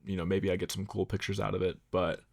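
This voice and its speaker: A young man talks through his photos in a low, gravelly voice with plenty of vocal fry. He rambles casually, fillers and all, poking fun at his own results. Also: fast talker. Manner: relaxed, self-deprecating, rambling with fillers. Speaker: photography vlogger. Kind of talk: casual vlog narration.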